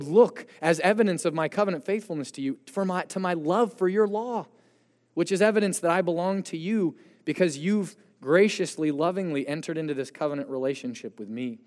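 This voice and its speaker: A man preaching a sermon as pastor, earnest and emphatic, slowing down to stress key phrases. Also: fairly high pitch. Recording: long reverb of a hall.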